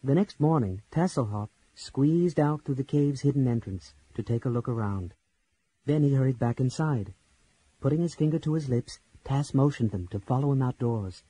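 Husky male audiobook narrator. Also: medium pitch, no echo. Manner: measured, expressive storytelling. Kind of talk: scripted narration.

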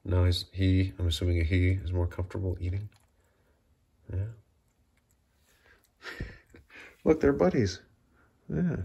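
A man with a deep, very raspy and gravelly voice, chatting to his cats in a casual home vlog. He coaxes them in a lively sing-song, often sinking to a whisper. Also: a little slow, pauses often. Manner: coaxing baby talk to pets, often dropping to a whisper. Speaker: cat owner filming his pets. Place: home by a sliding door.

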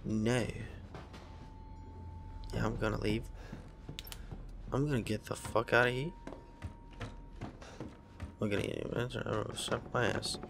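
A young man with a sick, raspy voice, cursing and reacting jumpily while playing a horror game. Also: on the low side, fairly even intonation, unhurried, pauses often, noisy background. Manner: profane, jumpy, talks to himself. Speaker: gaming let's-player.

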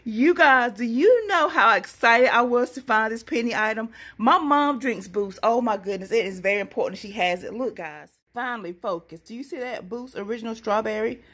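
A woman chatting casually and excitably to her viewers about her coupon deals. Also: fairly high pitch, normal speed, few pauses. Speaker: couponing vlogger. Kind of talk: casual deal-hunting vlog.

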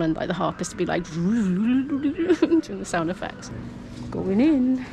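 A woman's voice: mid-range voice, measured pace, creaky, mellow. Chatty woman vlogging around a castle. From Britain. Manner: chatty, curious and lightly humorous. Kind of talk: casual travel vlog narration. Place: outdoors and inside a stone castle.

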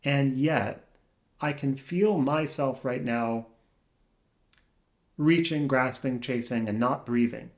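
Slow, hesitant man musing softly. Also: mid-range voice. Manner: hesitant, searching, halting phrases with long pauses; soft-spoken, trailing off quietly. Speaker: vlogger. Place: alone in a room.

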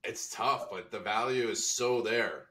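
A man's voice: on the low side, a little slow, sharp tone, recorded from a distance. A man hosting an interview podcast, mostly short agreeing replies and follow-up questions. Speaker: podcast host. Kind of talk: interview chat.

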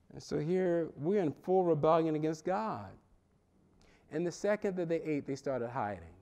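Man, pastor, high-pitched voice, lively sermon delivery that jumps between loud highs and quiet lows, chapel setting. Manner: animated preaching, swings from loud and high to low and quiet. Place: seminary chapel.

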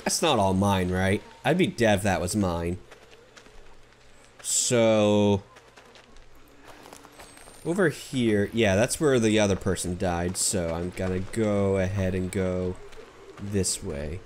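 Unhurried sarcastic man doing let's play. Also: low-pitched, a little mellow, slight background noise. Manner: jokey, sarcastic, talks to game characters; swears and yelps when startled. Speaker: gaming video host.

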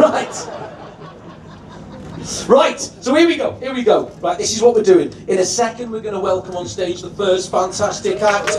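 A man with a Liverpool accent compering a comedy night, loud and animated, swearing freely and acting out other people's voices. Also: high-pitched, normal speed, a little hiss or hum. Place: comedy venue. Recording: echoey venue, recorded from a distance.

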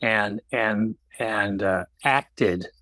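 An older man speaking slowly and haltingly in a reflective podcast conversation, pausing often and restarting his sentences. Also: fairly low pitch, pushed and bright, dry recording. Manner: slow, halting, with many pauses and restarts. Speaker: guest.

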